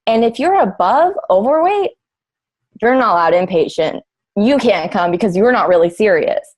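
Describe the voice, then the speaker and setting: A woman's voice: medium pitch, lively intonation, moderate pace, darkish tone. A woman from Canada, a mental health advocate, speaking casually and with exasperation on a live round-table. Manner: casual, exasperated, many "like" fillers.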